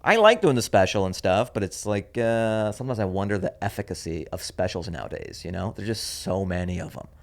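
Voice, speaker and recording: A man's voice: lowish voice, expressive, a little fast, vocal fry, hardly any pauses. A man hosting his own comedy podcast, telling a story in a wry, offhand, rambling way. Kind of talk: casual rambling monologue.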